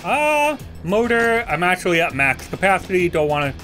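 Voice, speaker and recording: Excitable high-voiced male gamer. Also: moderate pace, over music. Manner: excitable, gasps and yelps, talks to game enemies. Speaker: let's play gamer. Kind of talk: casual gameplay commentary.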